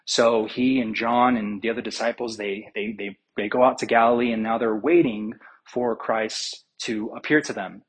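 Husky-voiced man preaching a sermon. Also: fairly low pitch, steady tone, normal speed, poor audio. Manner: storytelling, retelling scripture with acted quotes and fillers.

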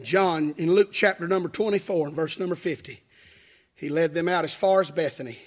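A man preaching a fiery revival sermon, shouting in a chanting cadence with frequent hallelujahs and calls to the congregation. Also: on the high side, fairly quick. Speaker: pastor.

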